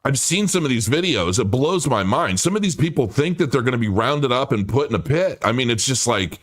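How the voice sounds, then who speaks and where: A man's voice: medium pitch, lively intonation. A man in his forties talks off the cuff on a livestream, with a mid-range voice. He rambles and stops short, often restarting his sentences partway through. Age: 40s. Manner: rambling, halting, many restarts and fillers. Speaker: crypto livestream host. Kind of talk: casual livestream monologue.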